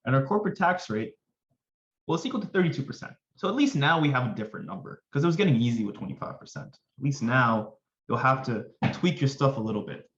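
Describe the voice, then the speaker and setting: A man's voice: mid-range voice, big pitch swings, fast, a bit bright, roomy sound, lo-fi sound. A man tutoring finance in a casual, upbeat way, chatting to viewers with jokey asides. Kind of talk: casual screen-recorded lesson.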